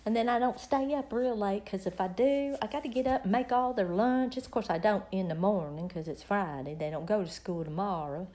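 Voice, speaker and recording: A woman's voice: medium pitch, brisk, hardly any pauses, dark tone. A middle-aged woman, chatting casually and rambling with viewers on her live stream.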